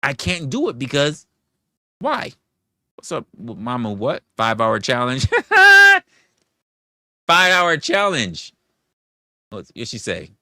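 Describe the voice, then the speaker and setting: A man hosting a live-stream commentary, profane and argumentative, hammering his chat with rhetorical questions and calling out donations. His voice is bright and sharp-edged, with pitch that leaps around as he gets worked up. The sound is close and dry, with no room echo. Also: expressive, moderate pace. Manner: reads out and thanks viewer donations. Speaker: livestream host.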